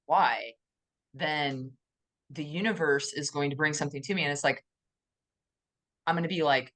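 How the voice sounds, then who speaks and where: Low-voiced enthusiastic woman podcast host. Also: normal speed, pauses often. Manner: enthusiastic, animated, acts out quoted inner voices. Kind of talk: casual conversation.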